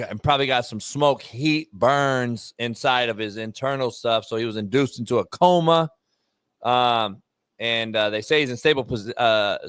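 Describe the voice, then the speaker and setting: A middle-aged man hosting a casual sports talk show, rambling loosely and swearing freely. His voice is bright and forceful, recorded dry and close. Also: medium pitch, clear, resonant tone, dry recording.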